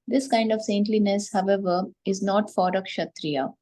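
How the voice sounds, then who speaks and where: A woman reading a scripture commentary aloud to a class in a steady, careful way. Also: medium pitch, normal speed, rough recording.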